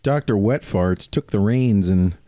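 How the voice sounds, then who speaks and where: A man co-hosting a casual podcast, telling profane stories with quick voiced impressions. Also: on the low side, warm tone, dry recording. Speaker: podcast co-host. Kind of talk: casual chat.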